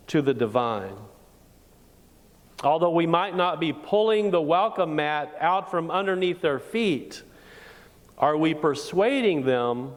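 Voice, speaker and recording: A woman pastor preaching a sermon and posing rhetorical questions in a deliberate way. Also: deep voice, darkish tone. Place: church sanctuary. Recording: long reverb of a church hall.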